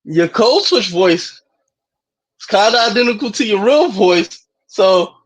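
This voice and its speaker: A man co-hosting a podcast in casual chat, animated and laughing, slipping into impressions as he talks. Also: sits high, measured pace, low-quality recording. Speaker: podcast co-host.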